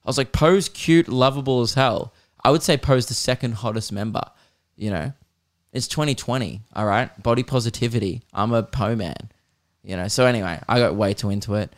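A man's voice: on the low side, brisk. A young Australian man hosting a podcast, rambling through jokes and swearing freely in casual comedic chat. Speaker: podcast host.

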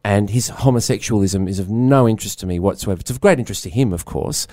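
A man's voice: lowish voice, quick pace, dark tone, dry recording, studio quality. A middle-aged man co-hosting a casual arts podcast, wry and musing as he talks through a book. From Australia. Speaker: podcast co-host.

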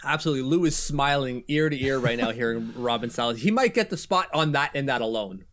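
A man's voice: mid-range voice, lively intonation, quick pace, a bit bright. A man co-hosting a casual hockey podcast, talking loosely and laughing often. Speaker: podcast co-host.

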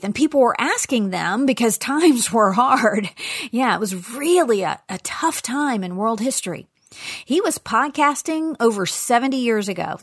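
A woman's voice: medium pitch, no echo. Earnest woman podcast host, dry close sound. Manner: earnest, emphatic, drops to a near-whisper for weight. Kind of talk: faith-teaching podcast monologue.

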